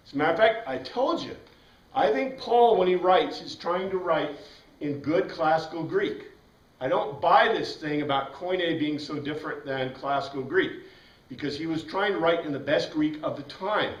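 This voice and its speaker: Man, bible class lecture, slightly high voice, roomy echo, mic set back. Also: moderate pace. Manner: animated, asks the class questions, frequent "right?". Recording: echoey room, from a distance.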